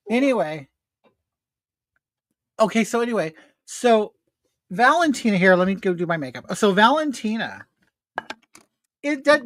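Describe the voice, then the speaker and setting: A man's voice: high-pitched, fairly bright tone, no room sound. A man, a drag queen host, gossiping sarcastically while doing makeup and reading viewer comments. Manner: reads viewer comments aloud. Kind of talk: casual makeup chat.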